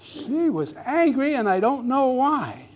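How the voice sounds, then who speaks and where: A man's voice: very high voice, big pitch swings, slow, a little hiss or hum. A man giving a humorous speech at a club meeting, telling a comic story to a live audience. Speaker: club speaker.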